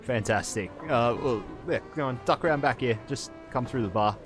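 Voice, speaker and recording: A man's voice: medium pitch, brisk, over music. A man running a tabletop game as game master, narrating with frequent laughs. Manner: laughing, animated storyteller.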